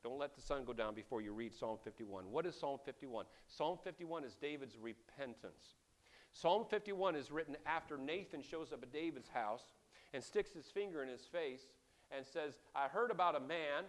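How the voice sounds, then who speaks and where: A man preaching a sermon, swinging from hushed passages to loud outbursts and acting out the quoted characters. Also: medium pitch, animated, normal speed.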